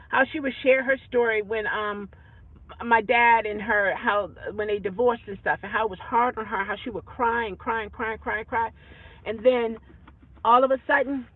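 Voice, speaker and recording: A woman rideshare driver vlogging in a casual, rambling monologue, animated and full of repeats. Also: a little high, no echo. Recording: tinny phone-like dry sound.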